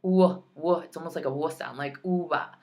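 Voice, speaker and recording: A woman's voice: deep voice, fast talker, a little mellow. A woman teaching a Spanish lesson online, pronouncing practice words carefully and adding chatty, playful asides.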